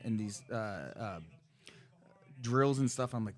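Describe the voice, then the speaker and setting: A man's voice: mid-range voice, expressive, unhurried, faint music behind. A man in his thirties, a podcast guest, telling a long story in casual chat, rambling and swearing with many restarts and fillers.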